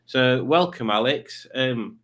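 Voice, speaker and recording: A man hosts a home quiz stream in a relaxed, meandering way, his voice sitting at an ordinary middle pitch. He drifts between jokes and self-deprecating asides as he reads out the chat. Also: takes it slowly. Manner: rambling, self-mocking, jokey asides. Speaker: quiz show host. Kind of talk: casual live-stream chat.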